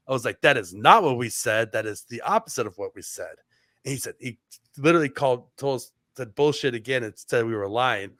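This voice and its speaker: A man's voice: mid-range voice, brisk, a bit bright, dry recording, clean studio sound. A man on a podcast telling a long story casually, with many "like" fillers and restarts. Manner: rambling, heavy on "like" fillers and restarts. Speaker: podcast co-host.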